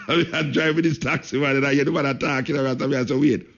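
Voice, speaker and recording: A man's voice: mid-range voice, steady tone, brisk, creaky, a bit bright. A Jamaican man hosting a radio talk show, speaking patois and hammering his points home by repeating himself. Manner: emphatic, repeats phrases for stress, speaks patois. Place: radio studio. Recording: lo-fi radio broadcast.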